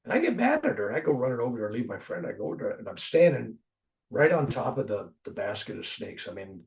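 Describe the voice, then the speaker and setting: An older man telling a personal story in a conversation, animated, jumping loud for emphasis and dropping soft when he reflects. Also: mid-range voice, quick pace, vocal fry, far from the mic. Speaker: interview guest.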